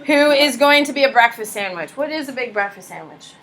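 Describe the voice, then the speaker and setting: A young woman teaching a high school history class, lively and casual, joking and chatting with her students between points. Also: fairly quick, slight background noise. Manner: animated, casual and slangy, jokes with students. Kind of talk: classroom lecture.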